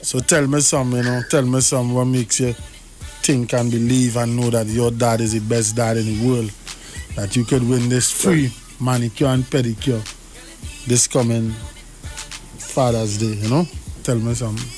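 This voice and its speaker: Radio host, man, mid-pitched, encouraging, keeps the caller going, faint music bed. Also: level tone, normal speed, a little mellow. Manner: encouraging, short acknowledgements. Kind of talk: radio phone-in chat.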